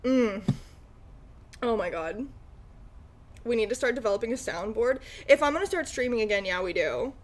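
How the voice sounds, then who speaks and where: Woman, live streamer, casual chat, giggly, lively pitch, fairly high voice. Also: moderate pace, pauses often. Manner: giggly, frequent laughing fits. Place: room lit by natural light.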